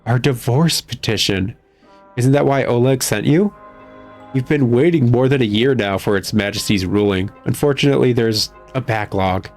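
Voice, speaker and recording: A man's voice: medium pitch, moderate pace, darkish tone, soft background music, natural voice. A man voicing a prim woman librarian in a game who calls people dearie. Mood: weary. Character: fussy middle-aged woman librarian, prim, secretive, easily rattled.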